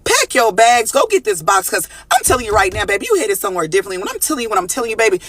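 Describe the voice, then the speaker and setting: A man giving an animated, slangy collective tarot reading from a studio, calling out to his viewers. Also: sits high, racing, no echo. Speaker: tarot reader.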